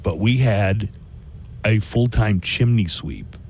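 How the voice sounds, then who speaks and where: A man with a fairly low voice hosts a radio show, chatting loosely and joking between songs. He wanders into rambling asides. There is faint ambience behind him in the studio. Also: slow, a little mellow, slight background noise. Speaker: radio host. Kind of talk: casual on-air chat. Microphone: studio microphone.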